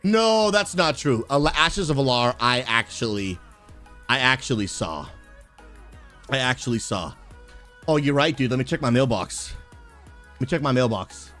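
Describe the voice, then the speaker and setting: A man, a pastor who streams games, chatting live with his viewers and calling them bro, bursting into shouts and laughter. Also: mid-range voice, lively intonation, a little slow, long pauses, faint music behind. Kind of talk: live gaming stream chat.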